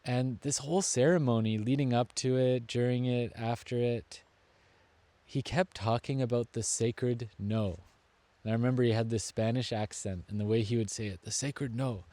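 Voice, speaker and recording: A man giving a reflective motivational talk, earnest and deliberate, slowing down to lean on key words. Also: mid-range voice, steady tone, warm tone, dry recording. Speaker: self-help speaker.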